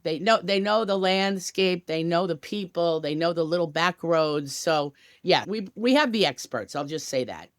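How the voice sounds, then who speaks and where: A woman guest from a tour company talks on a travel podcast, upbeat and chatty with frequent casual asides. Her voice is on the low side with lively intonation, at normal speed with few pauses. The clean studio recording has no echo.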